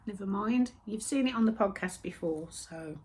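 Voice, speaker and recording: A woman hosting a crafting podcast, chatting casually and rambling, with soft whispered asides. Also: mid-range voice, moderate pace, slightly rough. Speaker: host of a knitting and spinning podcast. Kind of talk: casual chat.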